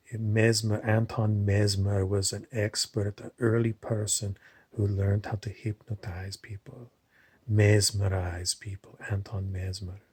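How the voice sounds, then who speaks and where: Husky, rambling man talking casually. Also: fairly low pitch, darkish tone, dry recording. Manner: digressive, loose, with many fillers and restarts.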